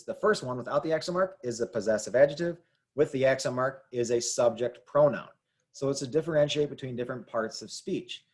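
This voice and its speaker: A man teaching Spanish spelling in English, patiently explaining rules and repeating example words slowly. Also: medium pitch, a little mellow. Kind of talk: explaining grammar to learners.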